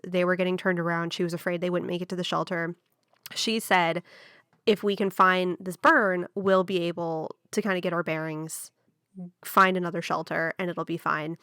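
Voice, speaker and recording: A woman's voice: lowish voice, fairly bright tone, clean tone, no echo, clean studio sound. A young woman casually telling a true story on a podcast, chatty and full of fillers.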